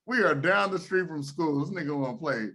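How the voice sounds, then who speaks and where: A man's voice: a little high, lively intonation, brisk, sharp tone. Blunt, teasing man in casual chat. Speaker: podcast guest.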